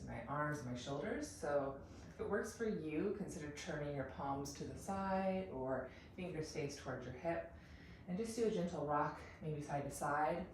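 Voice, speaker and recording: A woman teaching a yoga class, calmly talking students through poses and breaths. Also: low voice, far from the mic, slight background noise. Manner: calm, unhurried cueing with breath counts. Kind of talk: guided yoga instruction. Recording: very echoey room, off mic.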